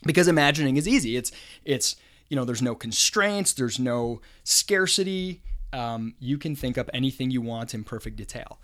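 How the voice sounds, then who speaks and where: A man's voice: mid-range voice, expressive, normal speed, fairly bright tone. A man hosting his own podcast, talking casually and thinking aloud, with frequent chuckles. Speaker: podcast host. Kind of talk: solo podcast monologue.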